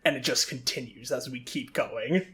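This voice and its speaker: A man co-hosting a casual comic podcast, reacting in an excitable way, swearing and saying bro. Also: mid-range voice, normal speed. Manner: excitable, profane, calls people bro. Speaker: podcast co-host.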